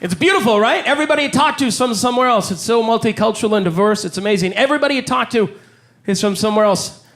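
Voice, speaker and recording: Here a Canadian stand-up comedian speaks in a high voice during a live set at a comedy club. His style is dry-humored and conversational, with fast impressions for the jokes. Expect a loud, noisy live recording where audience laughter and room ambience come through.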